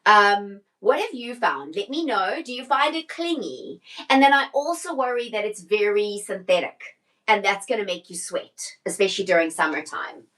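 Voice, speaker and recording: A woman's voice: mid-range voice, animated, normal speed, fairly bright tone, rough recording. Chatty woman stylist on a live stream. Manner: chatty, answers viewer comments, trails off and restarts mid-sentence. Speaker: personal stylist hosting a live shopping stream. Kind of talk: casual live-stream chat with viewers.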